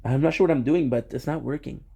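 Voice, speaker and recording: A man's voice: mid-range voice, fast, gravelly, mellow, husky. Playful rambling young man streamer. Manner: playful, rambling, laughs often, speech restarts. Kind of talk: casual chat to viewers.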